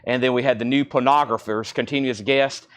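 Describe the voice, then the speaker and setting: Brisk man selling records live. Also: medium pitch, fairly even intonation. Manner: brisk, chatty auctioneer-style listing of prices. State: slightly choked, coughing. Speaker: livestream record seller. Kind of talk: live sales stream. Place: indoor record shop.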